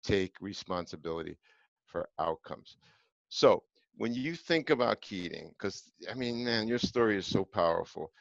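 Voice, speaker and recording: Deep-voiced male podcast host, emphatic storyteller, dull dry recording. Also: moderate pace, creaky, no room sound. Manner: animated, emphatic, with frequent restarts. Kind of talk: casual chat, storytelling.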